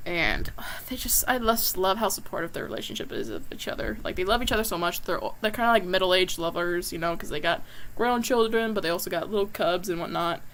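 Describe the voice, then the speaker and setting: A woman's voice: on the low side, expressive, quick pace, slight background noise. A woman and comic artist chatting casually while drawing on a live stream, talking with lots of fillers. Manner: chatty, many fillers, drifts into soft asides.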